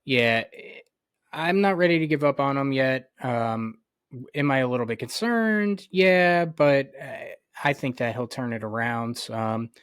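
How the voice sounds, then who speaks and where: A man co-hosting a sports podcast in casual chat, measured and full of "um" and "you know". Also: mid-range voice, expressive, a bit bright, clean tone, no echo, clean studio sound. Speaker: podcast co-host.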